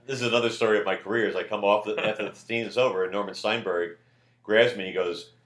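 Deep-voiced older man telling stories. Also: fast, reverberant. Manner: animated storyteller, shouts quoted lines. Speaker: comedian guest. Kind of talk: casual anecdote telling.

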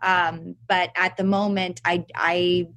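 Low-voiced woman chatting with dry humor. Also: little pitch movement, slow pace, fairly bright tone. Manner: chatty, self-mocking, hesitant. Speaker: actress guest. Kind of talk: casual chat.

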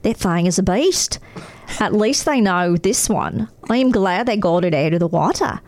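A mellow, easygoing Australian surfer guy with a relaxed drawl, as a woman puts him on while reading aloud. His voice sits at a middling pitch and swings up and down freely as he talks. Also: normal speed, no room sound, lightly acted. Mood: laid-back. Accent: Australian, put on. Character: laid-back male Australian surfer recounting a shark attack.

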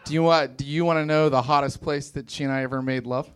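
A man's voice: mid-range voice, steady tone, fast, smooth. A man from West Virginia doing a rambling, self-deprecating stand-up set in a comedy club, slipping into playful put-on voices.

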